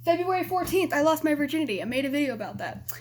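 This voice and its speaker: Young woman vlogger from Arizona, fairly high voice, frank, rambling, cusses a lot. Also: sing-song, rapid-fire, slight background noise. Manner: rambling, frank, swears freely, many "you know"s. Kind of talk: casual storytelling to camera.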